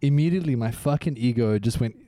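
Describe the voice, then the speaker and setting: A man's voice: medium pitch, fast talker, mellow, no echo. A man who co-hosts a comedy podcast, joking about himself in casual chat. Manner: self-mocking joker who laughs at his own lines.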